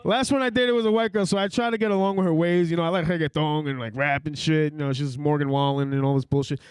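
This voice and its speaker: A man's voice: fairly high pitch, steady tone, fast, smooth, no room sound. A man doing a rambling stand-up set in a mumbling way, from a Puerto Rican family. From Puerto Rico. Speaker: comedian at an open mic.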